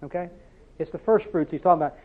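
Male preacher, high-pitched, tinny lo-fi recording; folksy sermon full of rhetorical questions. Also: fast talker. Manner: drives points home with repeated "See?" questions; storytelling, conversational.

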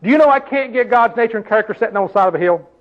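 Man, high-pitched preacher, exclamatory sermon, muffled lo-fi recording. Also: expressive, very fast. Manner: preacherly, call-and-response exclamations. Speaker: pastor. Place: church hall.

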